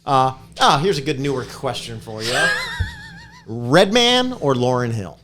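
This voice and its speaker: A man co-hosting a comedy podcast, joking in quick asides during casual chat. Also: medium pitch, wildly swooping pitch, background noise. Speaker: podcast co-host.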